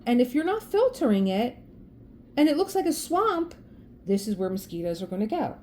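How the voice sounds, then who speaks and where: A woman's voice: medium pitch, a little mellow, slight background noise. A woman from South Philadelphia with a Philadelphia accent, chatting on her craft vlog and telling a story in an indignant, emphatic way with repeated restarts. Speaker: craft vlogger. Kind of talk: casual chat, telling a story.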